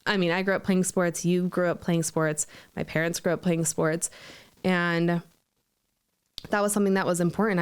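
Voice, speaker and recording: A woman's voice: fairly low pitch, clean tone. A woman hosting a podcast, telling a personal story in an earnest, emotional, reflective way. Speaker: podcast host.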